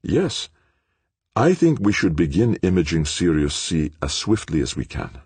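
Eager male scientist voiced by a man, earnest, scheming, higher pitch. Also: big pitch swings, a little slow, darkish tone, breathy edge, no room sound, full character voice.

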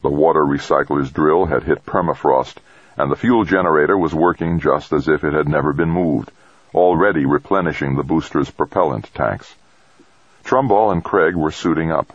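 Very deep, husky male narrator. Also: moderate pace, dry recording. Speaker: audiobook narrator. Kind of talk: scripted narration. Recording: dry, dull audio.

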